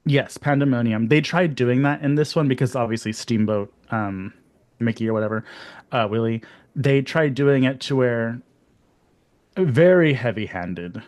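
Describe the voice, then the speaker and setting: A man's voice: medium pitch, normal speed. A man co-hosting a horror podcast, chatting casually and telling stories with jokes. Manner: chatty, jokey, animated storytelling with laughs. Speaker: podcast co-host.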